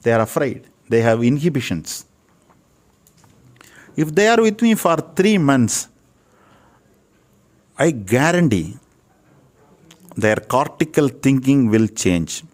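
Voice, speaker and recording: A man's voice: medium pitch, big pitch swings, takes it slowly, pauses often, darkish tone. An older man with an Indian English accent, speaking as an interviewed Ayurvedic physician in an earnest, preachy way, repeating phrases for emphasis. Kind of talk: earnest spiritual talk.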